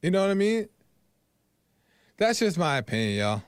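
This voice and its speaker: A man's voice: sits high, very animated, normal speed, clean tone, no room sound. Man, call-in show host, earnest, opinionated, repeats himself, dry close sound. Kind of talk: casual call-in talk.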